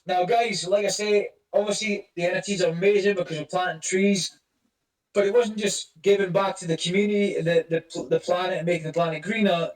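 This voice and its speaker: A man's voice: high voice, roomy sound, far from the mic, rough recording. Rambling, cursing man hosting a voice chat. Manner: rambling, swears a lot, greets listeners by name. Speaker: crypto project lead hosting a community voice chat. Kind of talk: casual chat.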